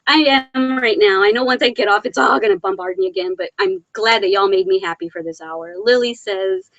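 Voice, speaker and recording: A woman's voice: medium pitch, fairly quick, a bit bright, no echo, lo-fi sound. A woman hosting a casual live Q&A stream. She reads viewer comments aloud, laughs often and talks with affection, though she is worn down emotionally. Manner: affectionate and chatty. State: emotionally worn after a hard weekend.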